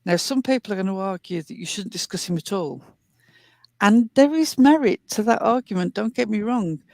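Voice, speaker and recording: A woman's voice: mid-range voice, animated, normal speed, creaky, darkish tone, no echo. A woman hosting a commentary show, earnestly retelling and explaining a clip step by step. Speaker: commentary host.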